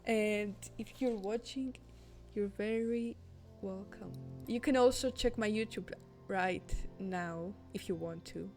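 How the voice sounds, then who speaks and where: A woman game streamer chats casually with her live audience, giggling as she thanks viewers for following. Her pitch is middling for a woman, and faint game music plays underneath. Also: takes it slowly, darkish tone. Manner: giggly, thanks chatters and reads game text aloud.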